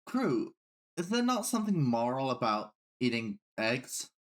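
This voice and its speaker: A man in casual tabletop role-play, playful and quick to laugh. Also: medium pitch. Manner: playful, laughs often, animated. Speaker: player.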